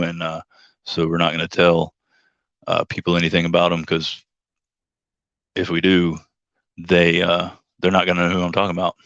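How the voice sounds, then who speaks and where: A man's voice: sits low, fairly bright tone, no echo, muffled recording. A man telling a rideshare story on his livestream in a rambling, joking way, acting out the voices of the people he quotes. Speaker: livestream host and rideshare driver.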